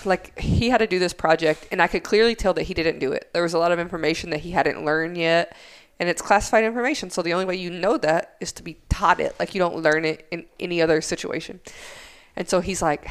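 Animated storytelling woman. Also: lowish voice, fast talker, clear, resonant tone. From United States. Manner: animated storyteller who swears freely and acts out both sides of arguments. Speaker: podcast guest, former Air Force instructor. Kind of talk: casual chat, storytelling.

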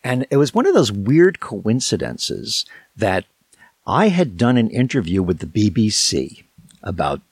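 An American man, a broadcasting veteran, telling stories as a guest in rambling, animated fashion. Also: lowish voice, a little slow, slightly rough, no echo, studio quality. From United States. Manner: rambling, animated storytelling with chuckles. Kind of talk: casual interview chat.

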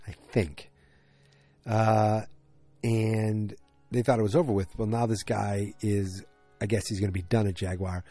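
A man with a low, husky voice and a mellow, dark tone. He chats casually as a podcast host, rambling with lots of fillers and restarting his sentences. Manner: rambling, with frequent fillers and self-corrections. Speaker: podcast host recapping a TV episode. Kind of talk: casual chat.

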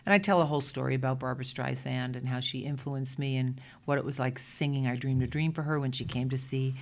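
A woman from Brooklyn with a Brooklyn accent, a Broadway performer telling lively stories as an interview guest. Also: very deep voice, fast talker. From Brooklyn, New York. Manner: lively anecdotal storyteller, frequent restarts. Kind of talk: storytelling interview chat.

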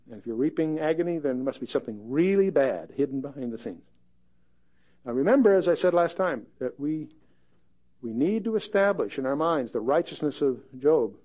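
Folksy male Bible teacher, mellow tone. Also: a little high, lively intonation, a little fast. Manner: folksy, plain-spoken, with wry asides. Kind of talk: conversational Bible study. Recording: dull lo-fi podcast recording.

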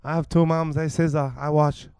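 A man doing a deaf young guy with a lisp, pitched up high and pushed loud. He talks slowly and haltingly, each word overly careful, in a dry, close sound. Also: flat delivery, clean tone, no echo, lightly acted. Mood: goofy. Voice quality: lisping.

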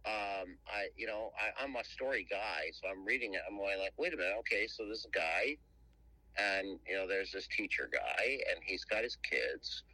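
A man being interviewed as a guest cartoonist, telling stories casually, animated and rambling with many restarts. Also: deep voice, moderate pace, no echo, poor audio. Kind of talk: casual storytelling.

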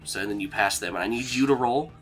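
A man's voice: fairly low pitch, quick pace, faint music behind. A man narrating as game master, rambling with lots of fillers. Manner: rambling, filler-heavy, relaxed.

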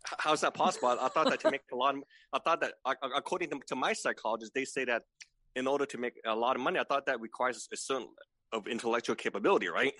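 A man's voice: medium pitch, very fast, bright, forceful tone, no room sound, low-quality recording. A man in his forties, a podcast guest, who stammers, repeats his words and keeps asking "right?" for agreement. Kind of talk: casual remote chat.

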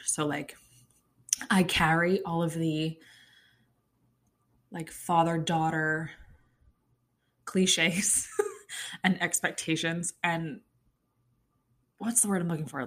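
A young woman hosting a podcast, telling a story in casual chat with a lot of fillers and plenty of feeling. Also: fairly low pitch. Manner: chatty, lots of fillers, emotional storytelling. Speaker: podcast host.

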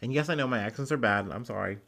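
A man's voice: mid-range voice, quick pace, creaky, fairly bright tone. Man, casual news-commentary host, profane, rambling, unscripted. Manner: loose, profane, rambling with many fillers.

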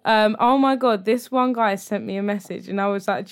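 A woman's voice: medium pitch, steady tone, moderate pace, smooth. A young woman speaks in a mid-range voice. She chats frankly and bluntly with a friend, dropping casual swears. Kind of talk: casual chat.

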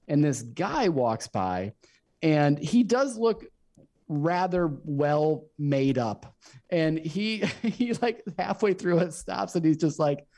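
A man's voice: a little high, darkish tone. A man co-hosting a casual podcast, telling a story with frequent ums and restarts. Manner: hesitant, many ums and restarts. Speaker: podcast co-host.

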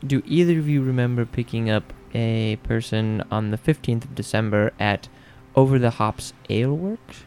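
Gravelly male player, hesitant and polite, light background hiss. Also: medium pitch, moderate pace, few pauses, a little mellow. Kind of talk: tabletop game play.

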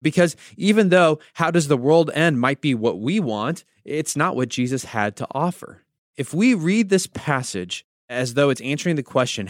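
A man's voice: mid-range voice, no echo, clean studio sound. A man from the United States, a pastor hosting a devotional podcast, teaching through conversational storytelling with wry asides.

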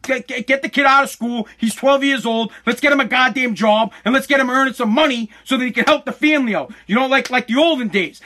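Guy ranting bout his kid, high bright voice, swears a lot, does all the voices. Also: fast, hardly any pauses. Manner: profane, exasperated, acts out the voices in his story. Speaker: father telling a story. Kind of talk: casual storytelling rant.

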